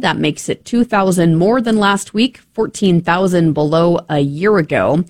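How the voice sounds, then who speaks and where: A woman anchoring a radio farm market report, briskly reading livestock prices and figures. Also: on the low side. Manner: brisk, reads numbers in rapid lists.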